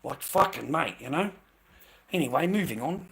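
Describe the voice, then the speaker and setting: A man's voice: fairly high pitch, lively intonation, normal speed, creaky, a bit bright. A middle-aged man ranting to a live chat, exasperated, swearing and repeating himself. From Australia. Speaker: livestreamer.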